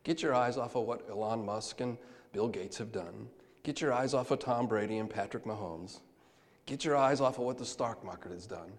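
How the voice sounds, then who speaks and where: A man preaching a sermon, moving between soft, hushed lines and loud, emphatic calls. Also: medium pitch, normal speed. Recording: long hall reverb.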